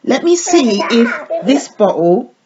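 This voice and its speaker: A woman's voice: fairly high pitch, big pitch swings, slow pace. Woman, doll unboxing vlog, coos baby talk, muffled lo-fi recording, faint hiss. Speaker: doll channel vlogger. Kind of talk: casual toy unboxing demo. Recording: dull lo-fi sound with faint noise.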